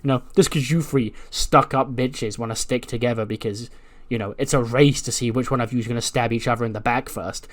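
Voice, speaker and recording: A fiery young woman wrestler, as a man voices her, fierce and indignant, in a mid-pitched everyday voice. She speaks fast in long, heated runs. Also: steady tone, close to an everyday voice.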